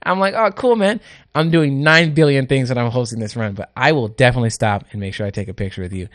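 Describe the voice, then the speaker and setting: A man who hosts radio, chatting casually on a podcast and telling animated stories that act out the people he quotes. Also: mid-range voice, fast talker, no room sound, studio quality. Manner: animated, acts out quoted people, laughs often. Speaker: radio host and race organizer. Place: indoor podcast studio.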